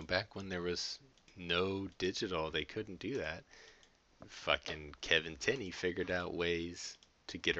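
Man rambling casually as podcast host, profane and laughing a lot, low gravelly voice, bright tone. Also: muffled recording.

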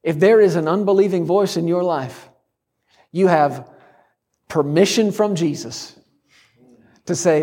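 A man delivering a sermon in a high-pitched voice. He stacks up repeated, emphatic declarations and fires off rhetorical questions at the congregation. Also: unhurried, pauses often, mellow. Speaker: preacher.

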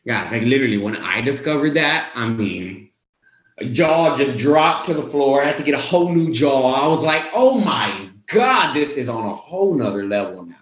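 A young man talks straight to his viewers about his own turnaround, casual and lively, slipping into the voices of his past self. His voice sits in a middle range. A roomy echo hangs around it. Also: mid-range voice, normal speed. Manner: animated, casual, acts out his own quotes. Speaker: weight-loss coach. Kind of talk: motivational storytelling to viewers.

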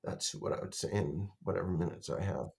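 A very low-pitched man in his fifties speaks from a call. He is earnest and halting, restarting sentences and repeating words as he searches for what to say. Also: creaky, a little mellow. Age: 50s. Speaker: guest survivor. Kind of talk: emotional interview talk. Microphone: video or phone call.

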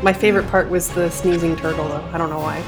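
A woman at a script read-through, chatting in an animated way. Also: lowish voice, fast talker, music in the background. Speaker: cast member at a read-through. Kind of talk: casual chat.

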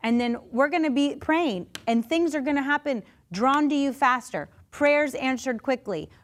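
Fast-restarting woman preaching a sermon. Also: high voice. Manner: conversational, animated, acts out quoted voices; frequent restarts and asides. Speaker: pastor.

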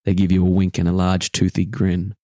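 A man narrating as game master of a tabletop game, describing a dream slowly with pauses. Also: deep voice, monotone, dark tone, dry recording.

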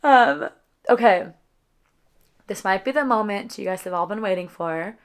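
Young woman, chatty vlogger, dramatic storytelling, mid-pitched, casual. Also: lively intonation, measured pace, clear, resonant tone.

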